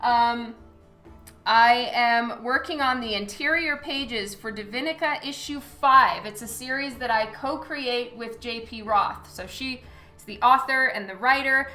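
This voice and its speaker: A woman's voice: on the high side, measured pace, sharp tone. A woman, a comic artist, chatting casually on a live stream while she draws, thanking viewers by name with frequent ums. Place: studio at a light table. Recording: roomy echo with faint music.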